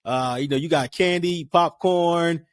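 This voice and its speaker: A man's voice: a little high, measured pace, dry recording. A man hosting a casual solo sports podcast, rambling with lots of fillers and restarts. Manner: rambling, conversational, many fillers.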